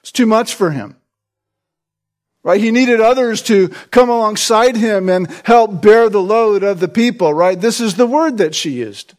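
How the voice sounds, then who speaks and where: His voice sits high as he delivers an emphatic sermon. Pressing each point, he restarts words and frequently checks in with a brisk "right?"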